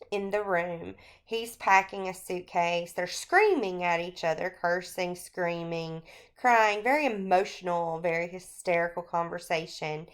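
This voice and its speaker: Her voice medium-pitched and smooth, a female teacher talks through a short story in a screencast lecture. She takes her time, explains carefully, and uses fillers often.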